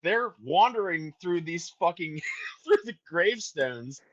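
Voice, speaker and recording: A man's voice: high-pitched, animated, a little slow, a bit bright, muffled recording. A man, a band's singer, telling a story in a casual chat, profane and laughing as he goes. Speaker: band vocalist and guest.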